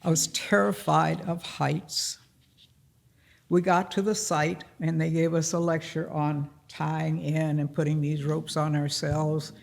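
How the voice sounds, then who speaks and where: Slow, gravelly older storyteller man. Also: a little high, level tone. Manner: unhurried, plain-spoken, acts out the dialogue. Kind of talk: personal storytelling at a live event. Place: public library event room.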